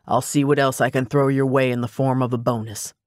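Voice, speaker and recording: A man's voice: mid-range voice, flat delivery, brisk, no echo, lightly acted. A man voicing a wry, dry private investigator. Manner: matter-of-fact, teasing. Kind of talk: audiobook dialogue.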